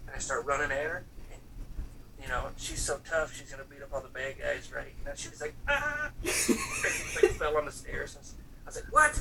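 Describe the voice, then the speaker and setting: Flat and brisk, with vocal fry, this mid-range male voice belongs to a man in his thirties spinning loose, profane stories in a casual chat, full of acted-out quotes and fillers. The mic sits at a distance, catching background noise and faint room ambience.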